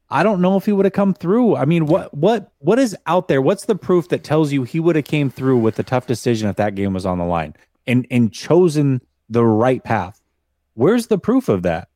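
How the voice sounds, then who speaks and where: A man's voice: medium pitch, sing-song, moderate pace, dark tone, dry recording, studio quality. A man co-hosting a podcast in casual sports chat, building his argument step by step with pointed questions.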